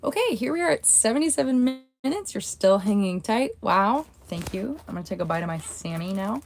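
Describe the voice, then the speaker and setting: A woman's voice: medium pitch, lively intonation, brisk, creaky. A woman hosting a casual livestream from home, telling a rambling story full of asides. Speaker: livestream host.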